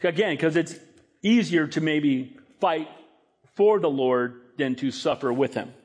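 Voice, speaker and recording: A middle-aged man preaching a sermon, animated, acting out quoted lines in a raised voice. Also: fairly high pitch, unhurried, breathy edge. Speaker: pastor.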